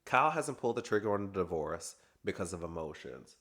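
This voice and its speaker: Deep-voiced man gossiping about reality TV. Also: very animated, brisk, a bit bright. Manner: chatty, gossipy, laughs often. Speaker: recap vlogger. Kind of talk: casual reality TV recap.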